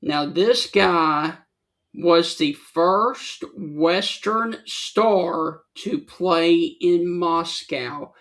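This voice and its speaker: A man co-hosting a sports talk show, reading notes aloud in a measured way. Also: fairly high pitch, fairly bright tone.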